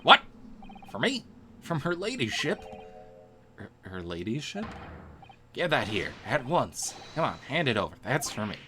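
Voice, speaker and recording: A man voicing a gruff, boastful middle-aged police inspector who speaks brusquely with a put-on regional voice. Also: medium pitch, sing-song, a little slow, pauses often, noisy background. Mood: eager.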